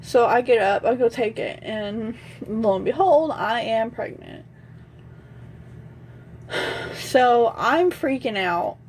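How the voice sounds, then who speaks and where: Young woman vlogger, kinda high voice, blunt and sweary storytime, faint hiss behind. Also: slow, long pauses, rough recording. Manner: blunt, swears freely, quotes others mid-story. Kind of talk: casual storytime.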